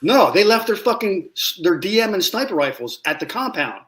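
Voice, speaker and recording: A man with a slightly high voice tells a long story in a relaxed podcast interview. He gets animated, jumping up in pitch and volume to act out what people said, with plenty of swearing. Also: brisk. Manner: animated storyteller, acts out quotes loudly, swears. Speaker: guest, former Marine scout sniper.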